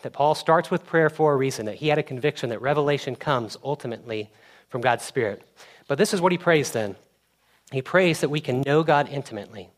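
A young male pastor gives a sermon in a mid-range voice. He talks casually, almost like chatting with friends, and livens up when he tells a story. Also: mid-range voice. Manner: conversational, animated when storytelling.

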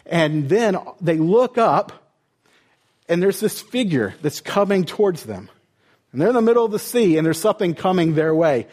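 A man preaching a sermon as a pastor, retelling the story with lively rhetorical questions. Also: high voice, normal speed.

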